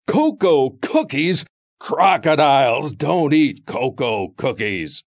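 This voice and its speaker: A man voicing a big, hungry male crocodile in a storybook read-aloud, speaking loudly and fiercely. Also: huge pitch swings, takes it slowly, slightly rough, no room sound, heavily acted. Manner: loud, fierce, booming.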